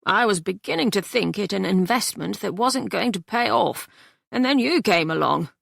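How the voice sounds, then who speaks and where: A woman's voice: mid-range voice, animated, moderate pace, gravelly, a bit bright, no echo, studio quality, heavily acted. A woman voicing a pompous, mercenary wealthy father who talks in a blustering, confidential way.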